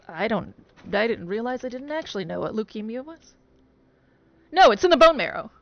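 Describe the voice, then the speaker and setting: A woman's voice: on the high side, very animated, brisk. A young woman giving casual, giggly game commentary, rambling and correcting herself as she goes. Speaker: let's play streamer. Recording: dull lo-fi sound.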